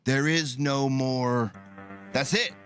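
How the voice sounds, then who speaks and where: A man hosting a casual comedy podcast, talking in loud, profane, animated banter. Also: mid-range voice, slow, faint music behind. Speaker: podcast host.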